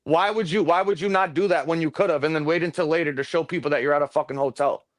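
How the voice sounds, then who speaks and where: A man hosting a livestream, ranting fast and heatedly with lots of swearing in casual chat from his home computer room. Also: on the high side, fairly even intonation. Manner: rapid, profane ranting. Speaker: livestream host.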